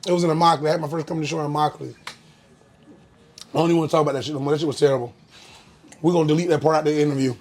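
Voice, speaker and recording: A young man from Florida talks loosely about his comedy career, pausing often on "um" as he goes. His voice sits a bit higher than most men's. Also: steady tone, darkish tone. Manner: laid-back storytelling, frequent "um" fillers, bursts of laughter. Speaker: comedian guest. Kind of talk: casual interview chat.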